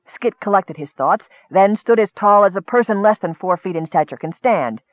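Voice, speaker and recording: A man narrating a comic fantasy story in a lively storytelling manner. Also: high voice, normal speed, few pauses, dry recording, phone-quality sound. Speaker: audiobook narrator. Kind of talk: scripted narration.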